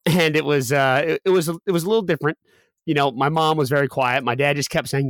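A man in his thirties, a podcast guest, telling a personal story quickly with many restarts and fillers. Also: a little high, steady tone, no room sound. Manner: rapid, with frequent restarts and fillers.

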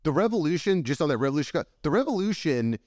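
A man in his forties hosting a podcast, talking in an animated, wry, opinionated way. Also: on the high side, fast talker, no room sound, studio quality. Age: 40s. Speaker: podcast host. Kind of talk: casual conversational interview.

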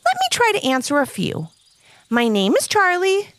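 A woman's voice: very high voice, wildly swooping pitch, normal speed, a bit bright, no echo, voice pushed up, heavily acted. A woman voicing a small, polite talking squirrel who chatters in a friendly way, in a storybook reading.

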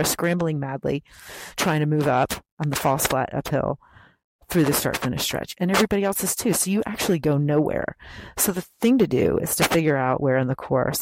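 A woman leaving a recorded message with racing advice, talking in a lively, emphatic, chatty way. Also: deep voice, gravelly, noisy background. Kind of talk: casual advice.

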